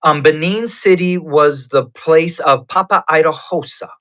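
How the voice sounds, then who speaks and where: A man's voice: on the high side, fairly bright tone. A man giving his personal faith testimony as a guest, telling it in an earnest, conversational way. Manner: earnest, conversational, unhurried retelling.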